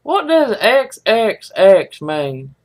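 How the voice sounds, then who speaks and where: Slow-drawling woman. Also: mid-range voice, very animated, darkish tone. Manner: folksy, drawling, rambling. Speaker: livestream host. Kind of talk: casual chat with live viewers.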